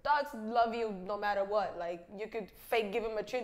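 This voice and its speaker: A woman's voice: mid-range voice, fairly quick. A young woman co-hosting a podcast in casual chat, rambling and blunt, with lots of swearing and filler "like". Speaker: podcast co-host.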